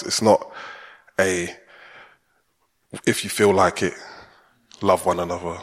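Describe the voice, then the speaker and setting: Casual low-voiced male preacher in church. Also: little pitch movement, slow pace, pauses often. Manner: casual, chatty, asks congregation questions. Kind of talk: conversational sermon. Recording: long church hall reverb.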